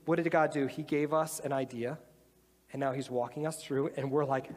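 A man giving a casual, animated sermon, talking conversationally and acting out little voices as he explains. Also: medium pitch, normal speed. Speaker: preacher. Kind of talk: sermon with demonstration. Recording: long hall reverb, faint music.

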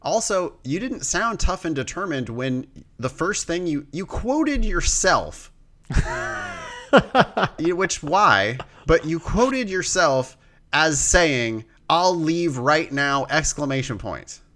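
A man's voice: fairly high pitch, big pitch swings, takes it slowly, pushed and bright. A man co-hosting a casual chat, bluntly critiquing a piece of writing and swearing freely. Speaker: podcast co-host.

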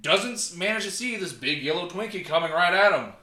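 A man's voice: sits high, expressive, a little fast, pushed and bright, roomy sound. A man telling a crude work story in casual chat, laughing and acting out what people said. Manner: crude, laughing, acts out quotes. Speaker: podcast co-host.

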